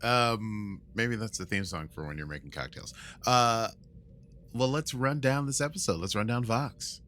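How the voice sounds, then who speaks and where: A man's voice: fairly low pitch, unhurried, bright, forceful tone, a little hiss or hum. A man hosting a podcast, casually recapping an episode and breaking into sung lines and silly voices. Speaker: podcast host.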